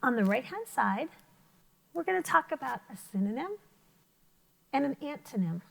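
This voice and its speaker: A woman's voice: high-pitched, sing-song, moderate pace, creaky, fairly bright tone. A woman teacher giving a vocabulary lesson to children, encouraging them with questions and praise. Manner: encouraging, talks to young pupils with questions and praise. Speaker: elementary school teacher.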